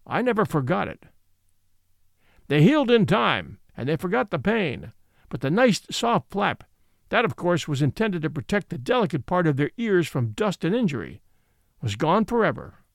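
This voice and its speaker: A man reading the part of a fiery yet gentle old male horse in a storybook, speaking indignantly and moralizing. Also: high voice, big pitch swings, moderate pace, vocal fry, no echo, studio quality, full character voice.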